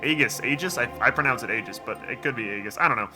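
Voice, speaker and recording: A man's voice: medium pitch, fast talker, over music. A man hosting a game playthrough, chatting casually and reading game dialogue aloud with joking asides. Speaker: let's play host.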